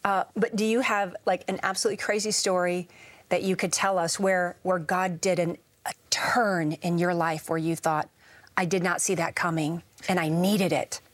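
A female TV co-host asking warm, enthusiastic questions in a casual studio interview. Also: fairly low pitch, fairly even intonation, moderate pace, no room sound. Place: TV studio set.

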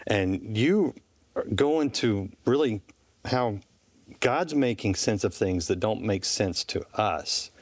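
A male TV host asking friendly, halting questions in a casual studio interview. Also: fairly low pitch, expressive, dry recording. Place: TV studio set.

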